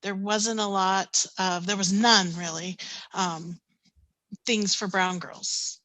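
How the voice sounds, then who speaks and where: Bright-voiced woman in her fifties telling stories. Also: medium pitch, slow pace, no room sound, low-quality recording. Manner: animated anecdotes, laughing often, many ums. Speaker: panelist, canoe skipper. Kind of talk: casual storytelling on a panel.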